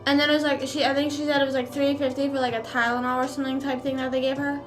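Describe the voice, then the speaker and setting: Eating while she talks, a young female streamer rambles through a mukbang chat thick with fillers, very fast but level in tone. Her voice is somewhat high for a woman, and soft music plays faintly below.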